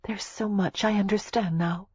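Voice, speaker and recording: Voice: mid-range voice, fairly even intonation, moderate pace, a little mellow, husky, no echo, dull audio, voice pushed up, natural voice. A narrator voicing a spirited young American heiress in love in an audiobook, speaking earnestly and insistently. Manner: earnest, pleading. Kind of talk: audiobook character reading.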